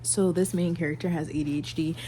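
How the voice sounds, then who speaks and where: A woman's voice: sits low, a little fast, a little hiss or hum. A woman vlogging casually from bed, reading romance passages aloud and reacting with frequent laughter. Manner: animated, laughs often, reads passages aloud. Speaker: book vlogger. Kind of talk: casual reading vlog chat. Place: in bed at home.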